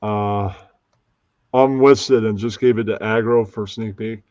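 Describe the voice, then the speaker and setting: A man hosts a casual live stream, rambling, often losing track of names and putting on mocking voices. His lowish voice is steady, a little slow and darkish, and the recording sounds dry and dull.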